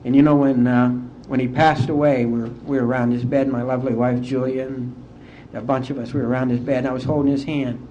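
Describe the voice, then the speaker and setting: A middle-aged man from West Virginia, speaking as an AA speaker and telling his recovery story to a conference in a heartfelt, unhurried way. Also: medium pitch, little pitch movement, mellow, slight background noise. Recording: dull lo-fi conference tape.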